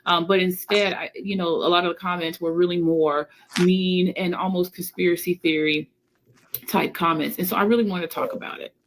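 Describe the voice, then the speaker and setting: Female video commentator, very low and gravelly, earnest and measured. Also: steady tone, slight background noise, poor audio. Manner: earnest, measured, many fillers. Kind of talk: social media commentary.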